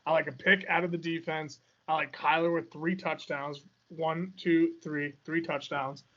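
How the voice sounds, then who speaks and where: Confident man pitching football bets. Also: little pitch movement, normal speed, a bit bright, lo-fi sound. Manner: confident, self-mocking bravado. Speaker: podcast co-host. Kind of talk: casual sports betting chat.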